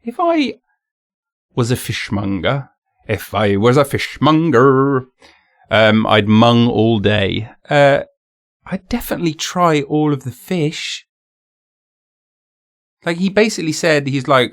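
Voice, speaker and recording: A man's voice: mid-range voice, lively intonation, takes it slowly, pauses often, no room sound, clean studio sound. A man hosting his own podcast, chatting casually and rambling with self-mocking jokes and silly voices. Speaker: podcast host. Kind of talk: casual solo monologue.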